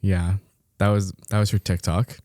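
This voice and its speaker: A young male podcast co-host reads a listener's story aloud, adding dry, amused remarks and laughing frequently. His low-pitched, dark voice has a flat delivery at a moderate pace, with no echo.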